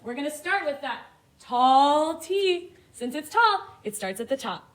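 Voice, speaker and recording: A woman kindergarten teacher giving a phonics lesson to young children, in a slow, sing-song, exaggerated teacher voice. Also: high voice, sing-song. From Hawaii.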